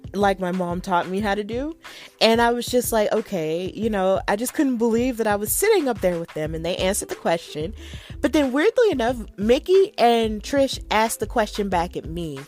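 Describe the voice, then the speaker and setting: A woman podcast host, chatty and excitable, telling a story in a casual solo talk with lots of likes and ums. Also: mid-range voice. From Alabama, USA.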